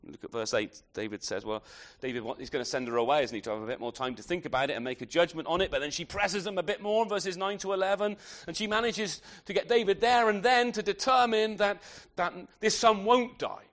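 A man with a high, slightly bright voice delivers an expository sermon conversationally. He often closes points with tag questions and keeps restarting sentences, halting and repeating words.

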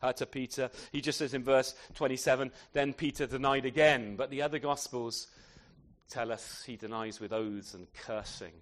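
A man's voice: mid-range voice, steady tone, normal speed, a bit bright. A man preaching a sermon in a conversational way, often tagging his points with questions to the listeners. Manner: conversational, rhetorical tag questions.

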